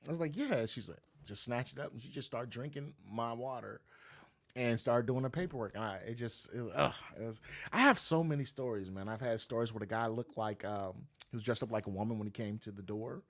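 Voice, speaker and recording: A man, a notary business owner, telling stories casually in an interview and acting out the voices he quotes. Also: a little fast. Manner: animated, acts out quoted voices with big pitch jumps.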